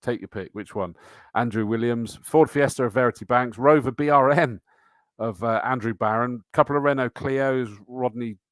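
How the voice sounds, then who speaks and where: A man's voice: mid-range voice, moderate pace, no echo. A middle-aged man with a chatty, matey manner, hosting a motor racing live stream and reading out viewer comments. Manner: chatty, matey, reads out comments and entry lists. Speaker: host.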